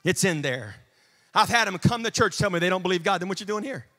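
A man preaching a sermon as pastor in a church, dropping to quiet asides and rising to shouts. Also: lively intonation, fast talker. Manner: swings from low murmurs to shouted preaching.

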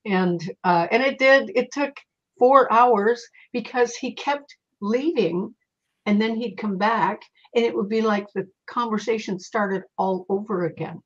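A woman guest speaking as a psychic, telling lively stories in casual conversation and acting out the voices in them. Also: medium pitch, unhurried. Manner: animated, quotes voices in her stories. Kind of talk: conversational storytelling. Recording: muffled lo-fi audio.

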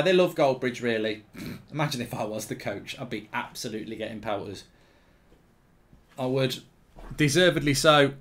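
A middle-aged man commentating on his own football video game, grumbling and swearing one moment and yelling the next. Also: medium pitch, expressive, moderate pace, long pauses. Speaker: gaming streamer. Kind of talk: live gameplay commentary.

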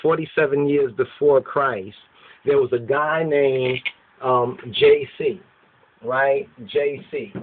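A man's voice: mid-range voice, big pitch swings, slow pace, slight background noise. Lecturing man, tinny phone-like sound. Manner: repetitive, asks "you understand?" and "right?" often. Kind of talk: informal lecture.

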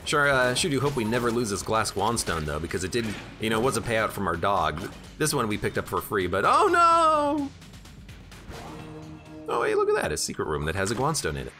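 A man's voice: on the low side, lively intonation, quick pace, fairly bright tone, faint music behind. A man giving casual, jokey gameplay commentary while streaming and chatting with his viewers. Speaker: streamer playing a video game.

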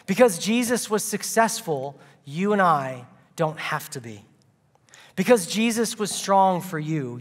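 A man's voice: high voice, expressive, a little slow, big-room sound. A man preaching a sermon as a guest speaker, telling a funny story with playful asides and comic timing.

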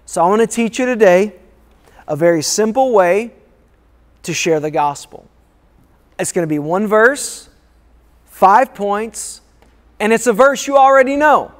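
Male pastor, very high voice, slow deliberate delivery, emphatic repetition, long hall echo. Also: animated. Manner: emphatic, repetitive preaching with call-and-response. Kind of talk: sermon. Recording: long reverb of a large hall.

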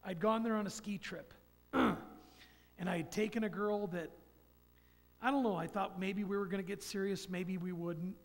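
A man's voice: sits high, moderate pace. A man in his fifties giving a folksy, rambling personal testimony in church. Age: 50s. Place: church sanctuary. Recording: long church hall reverb.

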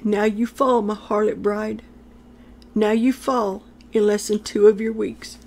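A woman's voice: medium pitch, level tone, a little slow, gravelly, warm tone. A woman delivering a prophetic message in a solemn, declamatory way, repeating phrases for emphasis. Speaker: prophetic speaker.

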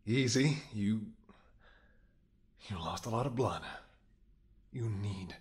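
A man voicing a protective male bodyguard who is anxious and tender toward his lover, in a soft, gently scolding whispered role-play. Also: lowish voice, takes it slowly. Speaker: voice actor.

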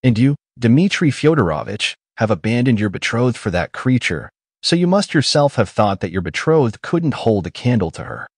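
A man's voice: mid-range voice, big pitch swings, normal speed, husky, dry recording, clean studio sound. A man voicing a buffoonish, lying old father who splutters and rants theatrically in an audiobook. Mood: blustering. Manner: shouting, mocking, self-dramatizing. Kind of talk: audiobook character reading.

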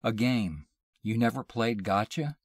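A man reading aloud and voicing a playful, mischievous young wife, lifting his deep voice for her coaxing lines. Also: measured pace, dry recording, studio quality.

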